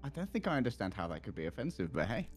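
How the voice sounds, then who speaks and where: A man's voice: lowish voice, sing-song, rapid-fire, faint music behind. A British man in casual voice chat while gaming, with a dry, teasing wit.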